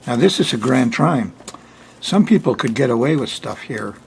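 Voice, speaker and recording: A man's voice: mid-range voice, lively intonation, moderate pace, vocal fry, slight background noise. An older man hosting an astrology forecast in a chatty, folksy way, laughing often between points. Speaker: astrologer hosting a weekly sky report. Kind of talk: casual spoken forecast.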